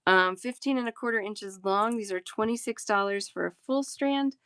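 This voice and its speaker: A woman in her thirties runs a bead-selling live stream, chatting and giggling with her viewers. Her voice sits at a middle pitch. The sound is dry and close, with no room around it. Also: normal speed, fairly bright tone, clean tone, no echo.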